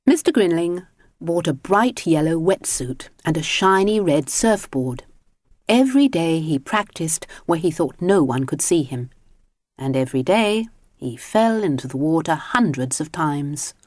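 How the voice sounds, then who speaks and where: A woman reading a children's storybook aloud in a gentle, expressive way. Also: deep voice, unhurried, no room sound. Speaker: audiobook narrator. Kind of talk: storybook narration.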